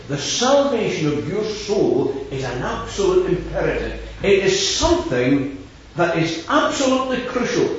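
A man preaching a gospel sermon, stressing key words and repeating the main verse slowly. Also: high-pitched, very animated, a little hiss or hum. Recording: echoey distant hall sound, dull.

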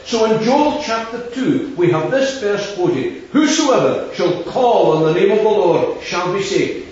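A man preaching a gospel sermon, stressing key words and repeating the main verse slowly. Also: high-pitched, a little mellow, a little hiss or hum. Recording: echoey distant hall sound, dull.

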